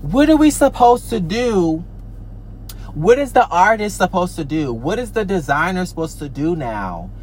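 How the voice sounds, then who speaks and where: A man's voice: sits high, sing-song, normal speed, a little mellow, slight background noise. A man, an artist, ranting angrily to camera, swearing often, repeating himself, stammering and trailing off. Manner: heated, profane, repetitive rant with many restarts; trails off with "I don't know" and stammers. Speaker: artist and social media creator. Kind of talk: ranting vlog.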